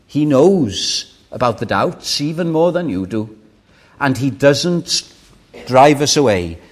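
Slow, earnest older preacher. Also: male voice, medium pitch, lively intonation. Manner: earnest, pleading, rising in fervour on key phrases. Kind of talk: sermon.

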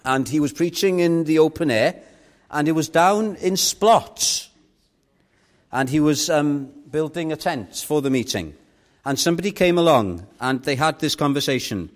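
A man's voice: a little high, expressive, moderate pace. A man with a Welsh accent preaching an earnest evangelistic sermon, pleading and building to emphatic repetition.

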